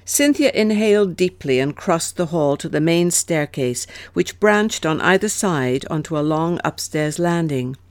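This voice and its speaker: A woman narrating an audiobook in a measured, expressive manner. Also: low-pitched, dry recording. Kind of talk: scripted narration.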